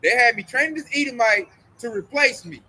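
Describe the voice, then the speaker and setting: A man's voice: extremely high pitch, animated, a little fast, sharp tone, slightly rough, low-quality recording. A man talking casually about religion as a host, emphatic and full of slang, acting out the voices of people he quotes.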